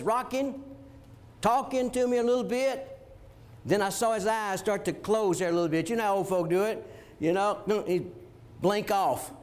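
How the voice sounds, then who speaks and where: A man in ministry telling an animated childhood story, often chuckling. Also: sits high. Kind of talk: storytelling testimony.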